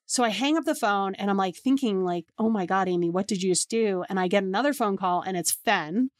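A woman's voice: mid-range voice, fairly quick, no room sound, clean studio sound. A woman in her thirties, a podcast host, casually telling personal stories and acting out the dialogue with lots of "like". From New York area. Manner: chatty, acts out quoted dialogue with lots of "like". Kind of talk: casual storytelling.

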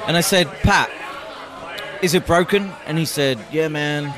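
A man hosting a podcast, telling animated stories in casual chat with friends in a pub. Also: fairly high pitch, moderate pace. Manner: animated storyteller, acts out quotes. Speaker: podcast host. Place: busy pub. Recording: noisy crowded pub. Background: pub crowd chatter.

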